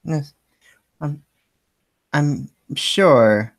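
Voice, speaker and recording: A man's voice: fairly high pitch, drawn-out words, vocal fry, heavily acted. A man voicing a polite, refined young woman who speaks in a slightly prissy way. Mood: composed.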